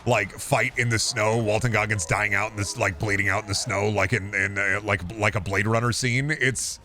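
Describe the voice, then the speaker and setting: Streaming a game, a man chats casually about movies, airing strong opinions and swearing often. His low voice is pushed and bright with fairly even intonation at a moderate pace. A little background noise comes through.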